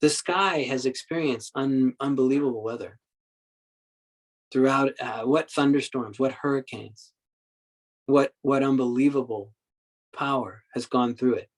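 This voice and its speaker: Male meditation teacher at a dharma talk, mid-pitched, halting storyteller who repeats words for emphasis. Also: rough recording. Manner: acts out quoted speech in the story.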